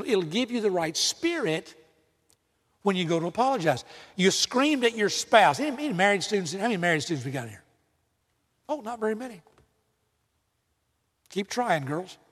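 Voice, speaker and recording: High-voiced preacher in a reverberant hall. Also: male voice, lively intonation, moderate pace. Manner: direct, emphatic, acts out imagined apologies. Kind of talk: sermon to students.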